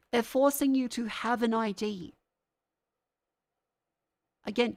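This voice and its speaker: A young woman talks to her chat, her voice a little congested from a sinus infection. She rants in a heated, sarcastic tone and swears freely. The delivery is loose, like casual stream chat. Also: mid-range voice.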